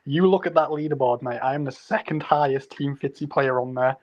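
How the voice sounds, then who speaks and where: A man's voice: medium pitch, a little fast, lo-fi sound. A man, teasing his friends in casual stream banter. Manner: cheeky, teasing, ends lines with "mate". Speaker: co-host.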